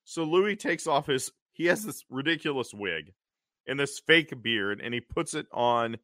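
Male podcast co-host, lively and bright, dry close sound. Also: mid-range voice, unhurried, no echo. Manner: animated recapping with acted quotes. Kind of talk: casual chat.

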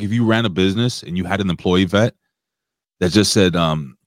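Male co-host, very low voice, blunt and cussing, dry close sound. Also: brisk, no echo. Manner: blunt, profane, rambling. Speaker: wrestling podcast co-host. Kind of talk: casual chat.

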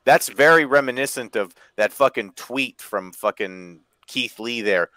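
A man's voice: mid-range voice, unhurried, few pauses, sharp tone, dry recording. A man co-hosting a wrestling podcast who gets fired up and swears heavily. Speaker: podcast co-host. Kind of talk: casual wrestling chat.

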